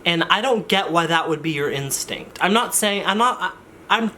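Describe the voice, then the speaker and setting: A man's voice: high voice, expressive, moderate pace, sharp tone, a little hiss or hum. A man vlogging in a casual, rambling way, often interrupting himself with jokey asides. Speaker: YouTuber. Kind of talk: casual vlog chat.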